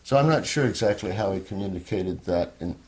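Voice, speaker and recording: An older man telling a personal story in a candid, rambling way, at times sinking to a soft near-whisper. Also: sits low, animated, brisk. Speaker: interviewee.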